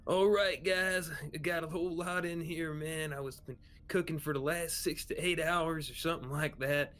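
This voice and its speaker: A man's voice: on the high side, steady tone, normal speed, fairly bright tone, pitched above the performer's own voice, lightly acted. A man doing a hearty Southern cook. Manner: folksy and welcoming. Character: cheerful male Southern cook.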